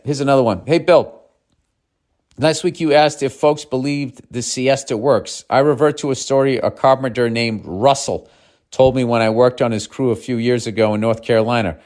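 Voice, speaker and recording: A man in his fifties hosting a podcast, ranting and swearing in a sardonic, casual monologue while reading listener mail. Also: mid-range voice. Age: 50s. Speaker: podcast host.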